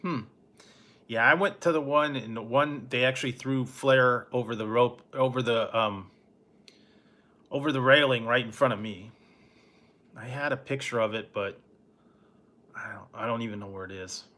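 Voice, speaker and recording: Bright-voiced middle-aged man rambling casually. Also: medium pitch, moderate pace, pauses often. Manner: rambling, laid-back storytelling with soft chuckles. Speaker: food review channel host. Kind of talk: casual late-night live-stream chat.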